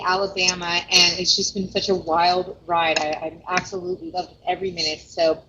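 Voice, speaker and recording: An enthusiastic woman co-hosts a casual podcast from a restaurant. Her voice is bright and forceful. The recording is dull and lo-fi, with a faint hiss underneath. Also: medium pitch. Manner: enthusiastic, promotional. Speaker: podcast co-host. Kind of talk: casual chat.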